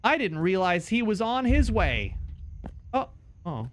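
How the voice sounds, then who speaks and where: A man giving live commentary as he plays a game, talking to himself and his chat and yelping and shouting when something startles him. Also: high voice, big pitch swings, unhurried. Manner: talks to himself and to chat while playing. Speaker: streamer.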